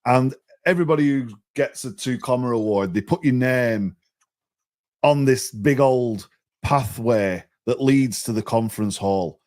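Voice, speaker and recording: Male guest, mid pitch, animated storyteller, stumbles and restarts. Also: unhurried. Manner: animated, chatty, often repeats words as he restarts. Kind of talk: storytelling in a podcast interview.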